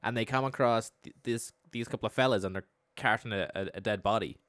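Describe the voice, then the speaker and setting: Deadpan young man rambling through a story. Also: fairly low pitch, fairly quick, no echo. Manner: rambling, deadpan retelling with stumbles. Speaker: podcast co-host. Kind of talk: casual comedic storytelling.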